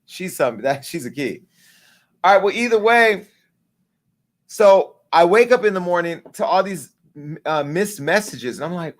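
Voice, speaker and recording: A man in his forties hosting a live talk show, telling a story in a casual, profane way and acting out the dialogue with lively jumps in pitch. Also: normal speed. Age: 40s. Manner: animated, acts out quoted dialogue with pitch jumps.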